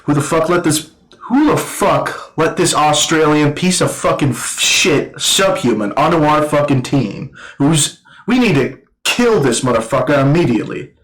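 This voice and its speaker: A furious, bloodthirsty army officer hurls insults and curses in a slightly high voice, as a ranting reviewer puts him on. He is blunt and quick to demand violence. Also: expressive, low-quality recording. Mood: outraged. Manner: shouting insults, swearing.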